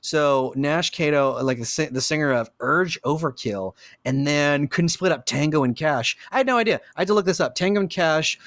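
A man co-hosting a podcast in casual chat, excitable and rambling, swearing freely. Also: a little high, normal speed, hardly any pauses, dry recording, clean studio sound. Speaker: podcast co-host.

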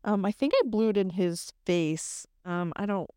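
A woman's voice: mid-range voice, animated, moderate pace, mellow, clear, resonant tone, no room sound, clean studio sound. A young woman telling a story in a casual, candid way, chatty, full of ums and likes. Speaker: podcast host.

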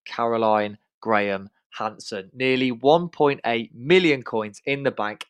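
A young man hosting a podcast with cheeky, profane banter. His voice is mid-pitched and sounds dry, with no room echo. He talks up his guests with plenty of swagger. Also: smooth. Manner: cheeky, swearing, hypes up guests. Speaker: podcast host. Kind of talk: casual banter.

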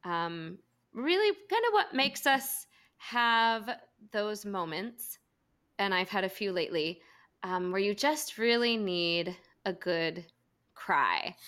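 A woman's voice: medium pitch, lively intonation, slow, fairly bright tone. Giggly, chatty woman podcast co-host. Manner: chatty, giggly, rambling asides. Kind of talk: casual chat.

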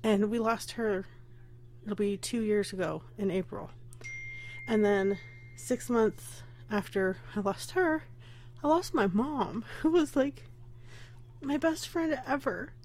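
A woman's voice: mid-range voice, takes it slowly, long pauses, darkish tone, a little hiss or hum. A young woman hosts her own casual podcast, pregnant and emotional. She talks candidly and rambles, often close to tears and breaking into nervous laughs. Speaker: podcast host.

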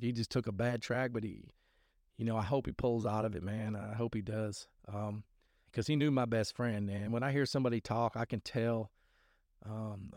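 A man's voice: mid-range voice, a little mellow, no echo, studio quality. A man hosting a faith podcast, talking in a rambling, earnest way, with many restarts and trailing thoughts. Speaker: podcast host. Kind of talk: casual faith podcast talk.

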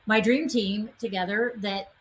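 A woman's voice: mid-range voice, fairly even intonation, a little slow, poor audio. Heartfelt woman podcast co-host, faint hiss. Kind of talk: podcast conversation.

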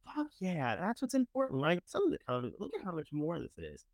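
Male morning host, a bit higher voice, lively and blunt, dry booth sound. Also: moderate pace, hardly any pauses, no room sound. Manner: blunt, profane, swings from scornful to gushing. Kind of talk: opinionated casual commentary.

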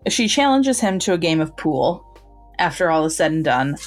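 Lowish-voiced woman recapping a book on a podcast, acts out the lines, soft music behind. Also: very animated, moderate pace. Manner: retells scenes, quoting characters in livelier raised tones. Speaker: podcast co-host. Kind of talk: casual book review chat.

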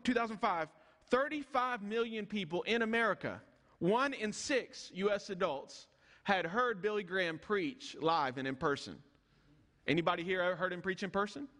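A man preaching a sermon, reading scripture slowly and dropping low and soft when he prays. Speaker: pastor. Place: church sanctuary. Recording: long church hall reverb.

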